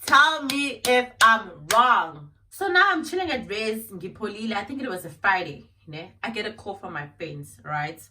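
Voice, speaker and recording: A young South African woman with a mid-range voice and a South African accent tells a dramatic storytime vlog at normal speed, rarely pausing. She is animated and theatrical, mixing Xhosa and Zulu phrases into her English. She sits far from the mic, and there is slight background noise.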